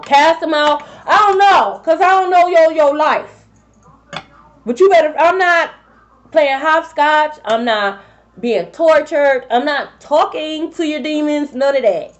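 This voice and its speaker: A woman reads tarot for her viewers in a high voice, blunt and profane. The sound is slightly dull and lo-fi. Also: a little slow. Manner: blunt, profane and animated, talking straight to viewers. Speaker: tarot reader. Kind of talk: casual tarot reading for viewers.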